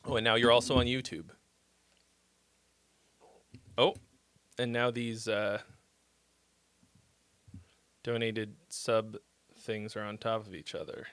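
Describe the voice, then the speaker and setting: A man's voice: lowish voice, little pitch movement, takes it slowly, long pauses, a bit bright, clean tone, dry recording. A man hosting a casual livestream, reading chat and messages aloud, laughing often and muttering and swearing to himself. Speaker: livestream host giving song feedback.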